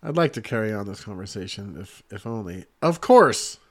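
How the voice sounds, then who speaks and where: A man's voice: fairly low pitch, animated, normal speed. A man co-hosting a podcast in casual chat, asking questions and teasing his co-host.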